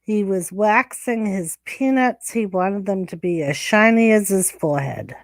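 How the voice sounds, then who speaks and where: A woman's voice: mid-range voice, expressive, a little slow, dry recording, studio quality. A woman hosting a casual livestream chat, crude and teasing, laughing often. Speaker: livestream host.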